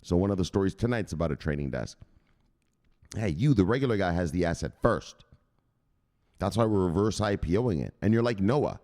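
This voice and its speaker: A man hosting his own channel, ranting in hyped, profane vlog commentary and punctuating points with shouted exclamations. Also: sits low, animated, a little fast, long pauses. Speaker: crypto channel host.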